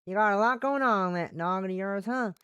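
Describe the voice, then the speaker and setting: A woman's voice: medium pitch, fairly quick, a bit bright, clean tone, dry recording, muffled recording, lightly acted. A woman voicing a friendly, chatty adult Southern woman in a visual novel, with a put-on Southern accent and a folksy, neighbourly manner.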